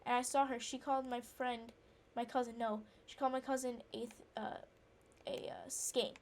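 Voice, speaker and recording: On the high side and flat in delivery, this woman's voice moves at normal speed. She's chatting casually, rambling through an indignant personal story with plenty of fillers and restarts while she plays a game, stopping to react to it.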